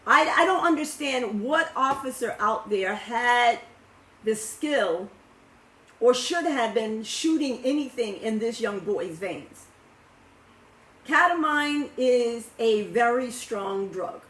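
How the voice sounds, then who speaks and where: A woman's voice: on the high side, expressive, slow, a bit bright. A woman speaking live to her followers in an impassioned, emphatic way, often stumbling and repeating words as she talks to her own camera. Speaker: social media commentator. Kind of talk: live video talk to followers. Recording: roomy echo.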